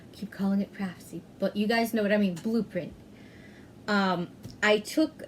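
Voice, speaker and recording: Slow-talking chatty woman knitting host. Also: medium pitch, a little hiss or hum. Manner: chatty, self-correcting, frequent "um". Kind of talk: casual chat.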